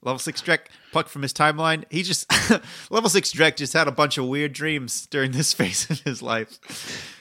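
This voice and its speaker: A man hosts a tabletop game podcast as game master, explaining rules in casual chat that rambles and corrects itself, and he affects an odd mixed accent in his intro. His voice is fairly high and sharp at a normal speed, in a dry, studio-quality recording.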